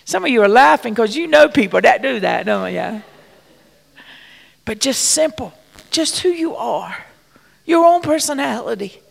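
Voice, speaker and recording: Gravelly woman preaching in a hall. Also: a little high, lively intonation, measured pace, pauses often. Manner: folksy, conversational, drops to near-whispers. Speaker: church missions speaker. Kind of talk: storytelling sermon.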